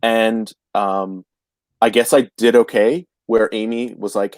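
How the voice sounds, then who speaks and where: A man's voice: fairly low pitch, takes it slowly, dry recording. Chatty man telling a story. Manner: animated anecdote teller, chatty with many restarts. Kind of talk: casual storytelling chat.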